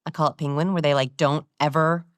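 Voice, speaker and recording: Lively woman explaining body language. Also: low voice, a little fast, clear, resonant tone, no room sound. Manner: animated explainer, demonstrates voices and gestures. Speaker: guest expert on body language. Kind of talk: interview.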